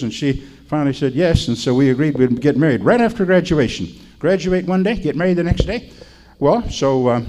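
With a mellow, medium-pitched voice, an older man gives a storytelling sermon. His manner is folksy and conversational, and he frequently asks his listeners questions.

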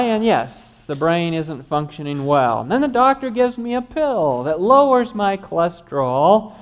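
A middle-aged man, a doctor, giving an animated health lecture with joking asides to his audience. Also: high voice.

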